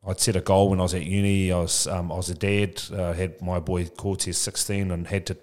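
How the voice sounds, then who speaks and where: A man's voice: deep voice, flat delivery, a little fast, darkish tone. A man in his forties talking candidly as a podcast guest, casual and reflective, calling the host "bro" a lot. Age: 40s. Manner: casual, says "bro" often, frank and reflective. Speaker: podcast guest, childcare business founder. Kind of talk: candid conversational interview.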